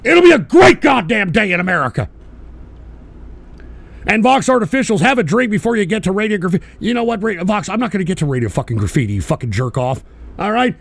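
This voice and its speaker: Gravelly, high-voiced ranting man. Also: sing-song, fast, a little hiss or hum. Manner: profane, irritable, bursts into shouting. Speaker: livestream show host. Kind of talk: ranting live stream reading chat donations.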